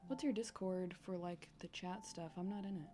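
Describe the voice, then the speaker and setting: A woman guest on a casual game design stream, chatty and upbeat, asking quick questions. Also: fairly low pitch, warm tone, soft background music.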